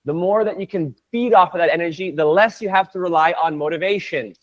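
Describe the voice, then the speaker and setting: A man teaching an online Spanish class, energetic and playful, drilling words by repeating them. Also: high-pitched, a little fast, highs cut off.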